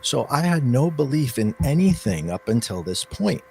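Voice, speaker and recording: A man telling an interviewer the story of his own near-death experience in earnest, halting speech with many fillers and restarts. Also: mid-range voice, very animated, gravelly, mellow, faint music behind.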